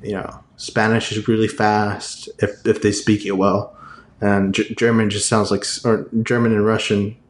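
A man's voice: lowish voice, level tone, normal speed, reverberant, slight background noise. A young man chatting casually with a friend, rambling and hesitant with lots of fillers. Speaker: friend in conversation. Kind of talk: casual chat.

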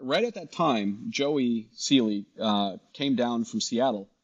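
A middle-aged man, a guest in a casual interview, telling his story with animated dialogue and frequent restarts. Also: medium pitch, takes it slowly, breathy edge, muffled recording. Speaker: guest, shop founder.

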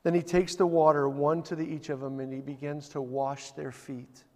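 A man's voice: on the high side, level tone, normal speed, long reverb tail. A man preaching a sermon as a pastor, telling the story vividly and building to emphatic points.

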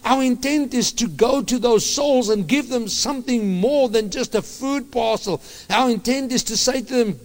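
A man preaching a sermon as a pastor, impassioned and halting, often restarting his phrases. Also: very high voice, big-room sound.

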